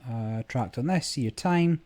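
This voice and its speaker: A man's voice: medium pitch, lively intonation, normal speed, a little mellow. A man giving casual, rambling commentary on his screen recording, with many fillers. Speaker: gaming vlogger. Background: game music.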